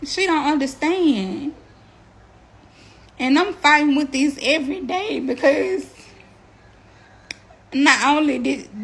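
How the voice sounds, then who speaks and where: A woman's voice: high-pitched, fairly bright tone, husky. A woman, talking straight to her viewers about her own family in an impassioned, defensive way. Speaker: mother telling her story. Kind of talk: emotional direct-to-camera talk.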